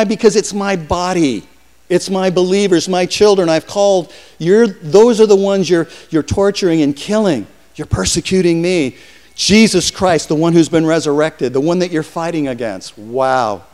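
An older man preaches to his congregation, telling the story with animated energy and slipping into voices for the people in it. His voice sits a little high for a man. A long reverb trails behind each phrase, as in a church hall. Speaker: pastor. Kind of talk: sermon.

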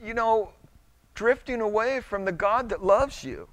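A man's voice: high voice, expressive, measured pace, a bit bright. A middle-aged male pastor preaching a sermon in a conversational way, stumbling over restarts and acting out little quotes.

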